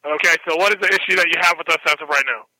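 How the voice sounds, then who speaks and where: A man working at a restaurant, answering the phone and pushing back calmly but firmly. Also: on the high side, rapid-fire, rough recording. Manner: calm but firm, repeats himself to push back. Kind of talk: phone argument. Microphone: telephone line.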